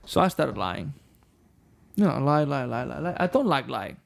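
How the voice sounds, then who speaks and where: A man's voice: medium pitch, very animated, normal speed, vocal fry. A middle-aged man from Iceland, a rock band frontman whose first language is Icelandic, telling his story frankly and profanely in an interview and acting out the dialogue he quotes.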